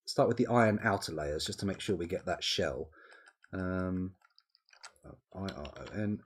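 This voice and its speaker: Speaking at a measured pace in a low, husky voice, a young man thinks aloud while playing a game on a live stream. He mutters menu options and tosses out relaxed asides into his desk mic, keeping the commentary casual.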